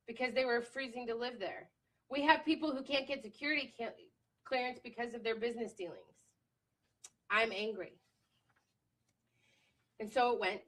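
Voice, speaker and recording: A woman reciting her own slam poetry with forceful, impassioned delivery, then talking to viewers on a live stream. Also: on the high side, rough recording. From United States. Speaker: speaker and trainer. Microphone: computer or phone live stream.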